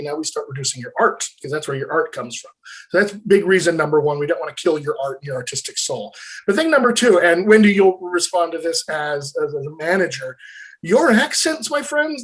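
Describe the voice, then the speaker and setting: A man's voice: a little high, slightly rough. A man working as a dialect coach, talking eagerly in an interview and speaking to viewers as friends. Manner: animated, addresses viewers as "my friends". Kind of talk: enthusiastic interview talk.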